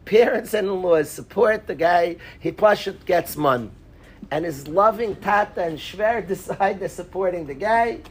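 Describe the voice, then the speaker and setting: A man teaching a lively Talmud class in a synagogue, quizzing his students by name and mixing in Hebrew and Yiddish terms. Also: high voice, slight background noise.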